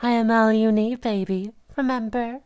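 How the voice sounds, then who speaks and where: A woman playing a volatile, obsessive young woman in an audio role-play monologue, swinging between sweet cooing and sudden rage with breathy, hushed asides. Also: a little high, fairly even intonation, moderate pace, lightly acted. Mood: sweetly obsessive. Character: volatile, obsessive young woman who holds her partner captive.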